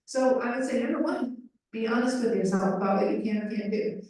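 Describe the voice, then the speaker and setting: A woman voicing a panelist's signing into speech at a live panel, brisk and conversational with fillers. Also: on the high side, warm tone. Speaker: sign language voice interpreter. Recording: echoey room, far from mic.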